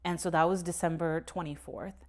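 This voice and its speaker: A woman's voice: lowish voice, steady tone, normal speed, darkish tone. A young adult woman co-hosting a podcast, candidly telling a personal story with swearing and nervous laughter. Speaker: podcast co-host. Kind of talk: casual conversation.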